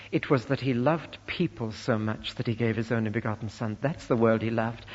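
A man preaching a sermon, earnest and emphatic, slowing down to stress key phrases. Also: mid-range voice, slightly rough. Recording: lo-fi recording in a reverberant church.

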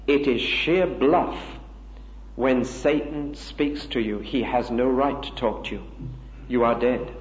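A man delivering a sermon, earnest and emphatic. He asks the listeners rhetorical questions. The recording is dull and lo-fi, with a roomy echo. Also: medium pitch. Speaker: preacher.

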